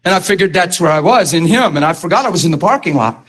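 A man preaching in a high-pitched, husky voice. He tells his story excitedly and emphatically, often restarting his words mid-sentence. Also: fast, hardly any pauses, rough recording. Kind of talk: sermon.

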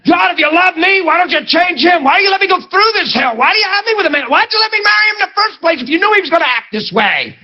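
A woman's voice: very high voice, lively intonation, fast, few pauses, bright, forceful tone, pitched above the performer's own voice, full character voice. A man voicing his remorseful wife, tearful and pleading, in a dull lo-fi recording. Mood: bitter. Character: tearful remorseful wife confessing to her husband.

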